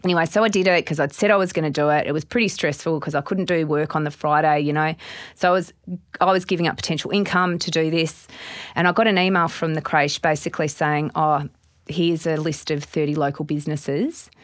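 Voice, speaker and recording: Low-voiced fast-talking Australian woman. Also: no echo, clean studio sound. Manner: animated storytelling with quoted inner voices. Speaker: guest, business owner. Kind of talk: casual podcast interview.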